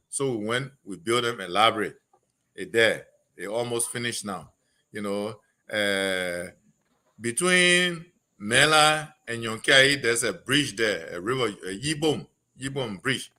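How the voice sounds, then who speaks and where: A man's voice: medium pitch, lively intonation, measured pace, bright, forceful tone. A man with a Liberian English accent, a politician guest telling stories on a radio talk show, quoting constituents.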